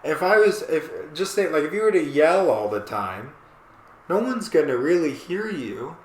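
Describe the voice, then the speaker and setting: A man with a fairly high voice rambles through a casual podcast chat, breaking off and restarting his thoughts as he goes. He sounds animated and talkative. The room around him is echoey. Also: normal speed. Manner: rambling, animated, self-interrupting. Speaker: podcast co-host. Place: small apartment room.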